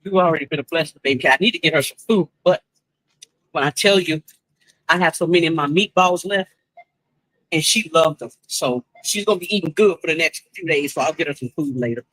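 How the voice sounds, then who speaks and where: A woman's voice: low voice, fairly quick, fairly bright tone, dry recording, poor audio. A woman chatting casually on a live stream, talking straight to her viewers and laughing often, first at a shop checkout and then at home.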